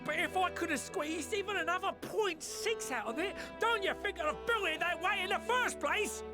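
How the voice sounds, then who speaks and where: An actor with an Australian accent playing a gruff male engineer in a game, exasperated and blunt. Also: extremely high pitch, moderate pace, music in the background.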